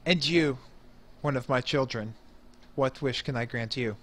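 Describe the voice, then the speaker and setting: A man voicing a calm, stately ancient god. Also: medium pitch, measured pace, natural voice. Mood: gracious. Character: ancient freed god, calm, solemn, generous. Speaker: game master voicing a deity.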